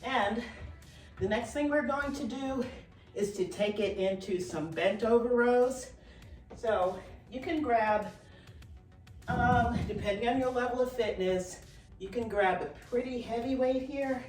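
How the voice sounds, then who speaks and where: With a fairly high pitch and a darkish tone, a middle-aged woman instructor speaks a little slowly while doing a dumbbell workout, slightly out of breath. She offers encouragement, form cues, and rep counts, heard from a distance in a roomy recording with faint music.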